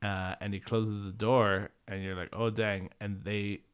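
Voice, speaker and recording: A man with a low, smooth and resonant voice recaps a film on a podcast. He is relaxed and agreeable, often chiming in with "yeah." His retelling quotes characters quickly in passing. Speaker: podcast co-host. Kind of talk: casual movie rewatch chat.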